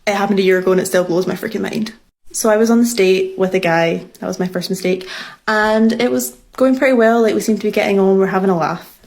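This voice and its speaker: A woman's voice: medium pitch, fast, darkish tone. A woman engineer telling a dating story to camera, emphatic and exasperated, with some swearing.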